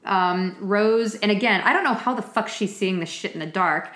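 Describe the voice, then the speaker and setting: A woman's voice: medium pitch, normal speed, fairly bright tone, reverberant. A woman from Massachusetts co-hosting a podcast, chatting casually and swearing now and then. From Massachusetts South Shore. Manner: chatty, quotes characters in put-on voices, swears. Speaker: podcast co-host. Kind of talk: casual chat.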